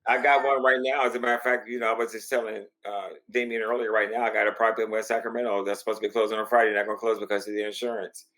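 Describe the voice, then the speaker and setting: A man with a Southern US accent, a podcast guest telling stories in casual, animated chat and swearing freely. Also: on the low side, rapid-fire, hardly any pauses, low-quality recording. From born in Indianapolis, raised around the US South. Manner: animated storyteller, swears freely, acts out quotes.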